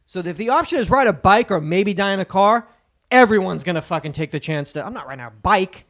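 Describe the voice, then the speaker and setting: A man's voice: high voice, lively intonation, a little fast, fairly bright tone. A man co-hosting a comedy podcast, riffing casually and profanely. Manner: profane, riffing, jumps into voices. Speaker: podcast co-host.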